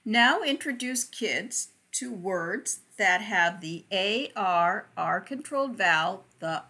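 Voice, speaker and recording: A woman teaching phonics to parents, sounding out letters and words slowly and deliberately. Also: mid-range voice, expressive, pushed and bright. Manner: slow, deliberate, stretches out sounds.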